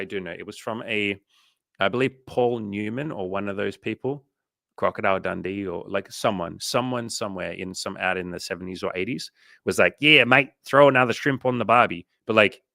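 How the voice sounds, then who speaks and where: Low gravelly Australian man. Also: fairly bright tone, dry recording, studio quality. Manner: swears freely, acts out inner voices. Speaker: livestream coach. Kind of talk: casual livestream coaching.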